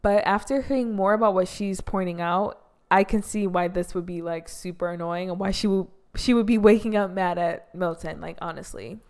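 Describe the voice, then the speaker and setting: A woman's voice: lowish voice, moderate pace, darkish tone, clean tone. A young woman casually recapping a reality show episode, talking in a loose, exasperated way and leaning heavily on "like". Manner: exasperated, heavy use of "like".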